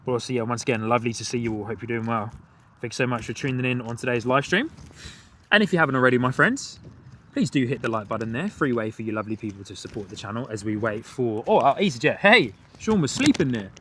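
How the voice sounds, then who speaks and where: A man chats his way through a live plane-spotting stream from outdoors beside an airport. His voice sits at an ordinary mid pitch, and he keeps up a relaxed running commentary while greeting viewers. A faint hum of outdoor ambience sits under his voice. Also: quick pace. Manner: chatty, reads out viewer comments and greets chat. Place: outdoors near an airport runway.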